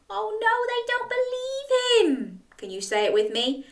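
Animated woman reading a children's story. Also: extremely high pitch, a little slow. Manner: animated, gasping, invites children to join in. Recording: roomy, from a distance.

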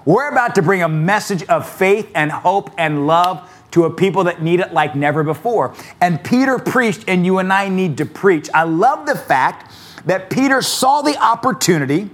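A man preaching a sermon with fervent, emphatic peaks, falling into relaxed conversational storytelling between them. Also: high-pitched, normal speed. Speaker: pastor.

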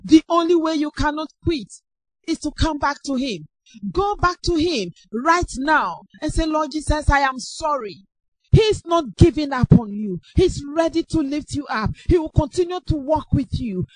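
A woman preaching a sermon with impassioned, repetitive exhortation that rises to shouts. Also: high voice, expressive, normal speed, dry recording, poor audio.

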